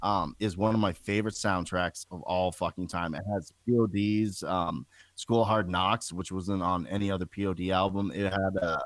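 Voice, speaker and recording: A man's voice: low voice, fairly even intonation, moderate pace, few pauses, no room sound. A man in a casual podcast chat, enthusiastic and full of swearing. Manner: enthusiastic and profane, swears freely.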